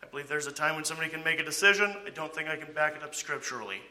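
A man's voice: a little high, very fast, bright, forceful tone. A man teaching a Bible study in a conversational way, often asking "okay?" and posing rhetorical questions to his listeners.

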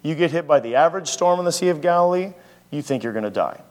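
A man's voice: on the high side, lively intonation, fast. A man, a pastor, preaching a conversational sermon and asking his listeners many rhetorical questions. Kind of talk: sermon teaching.

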